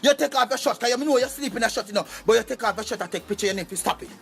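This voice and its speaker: A man's voice: very high-pitched, racing, gravelly, a bit bright, a little hiss or hum. A man with a Jamaican accent in a comedic rant, scolding and playful, sometimes chanting.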